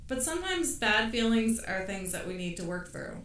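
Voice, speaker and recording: A woman co-hosting a podcast, chatting casually and calmly asking probing questions. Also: fairly high pitch, normal speed, recorded from a distance. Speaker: podcast co-host. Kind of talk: casual chat. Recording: roomy, set back from mic.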